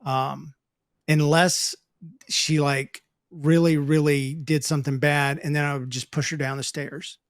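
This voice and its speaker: A man hosting a podcast, chatting casually, joking deadpan, and reading out a listener's story. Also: on the high side, unhurried, no echo. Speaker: podcast host.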